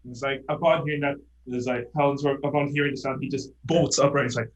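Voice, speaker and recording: A man playing a tabletop game over a voice call, excitable and quick to laugh and shout in character. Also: medium pitch, low-quality recording. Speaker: player.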